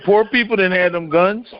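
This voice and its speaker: Older guy calling in, earnest, stumbles and repeats, highish voice, muffled line. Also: no echo. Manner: earnest, halting, repeats himself. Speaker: caller. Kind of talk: casual call-in radio chat. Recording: muffled phone-in audio.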